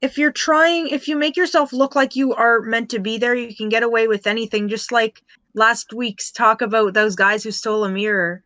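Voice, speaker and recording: A woman's voice: a little high, steady tone, normal speed, a bit bright. Hesitant woman chatting on a podcast. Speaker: podcast co-host. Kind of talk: casual podcast chat.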